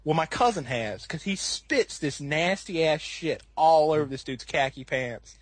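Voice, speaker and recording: A man on a podcast telling a long story in a casual, animated way, laughing often. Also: unhurried, no room sound. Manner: animated, laughs often, acts out quoted people in a higher voice. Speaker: podcast co-host.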